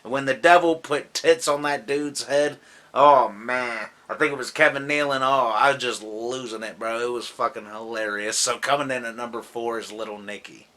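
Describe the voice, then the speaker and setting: A man's voice: mid-range voice, fairly even intonation, moderate pace, bright, forceful tone. A man who says he is drunk, casually counting down his favorite comedies in a loose, rambling, profane way, laughing often. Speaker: movie vlogger.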